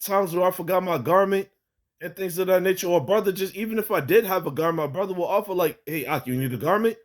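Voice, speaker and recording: A man's voice: high voice, quick pace. A young man with a slightly raised voice tells a personal religious testimony in a loose, rambling way. He restarts sentences constantly, leans on fillers like "you know" and "like", and swears casually. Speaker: religious vlogger giving testimony.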